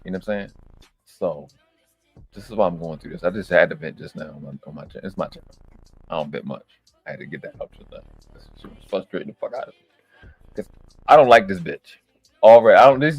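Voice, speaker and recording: Man, live reaction stream host, profane venting, lively swooping pitch, dry close sound. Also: no room sound. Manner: profane, exasperated, slang-heavy venting; animated, swings between loud outbursts and low mutters.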